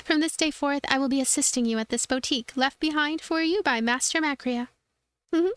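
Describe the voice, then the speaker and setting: A woman's voice: sits high, a little fast, fairly bright tone, no room sound, pitched above the performer's own voice. A woman voicing a perky little female spider devil helper in a game, eager and polite.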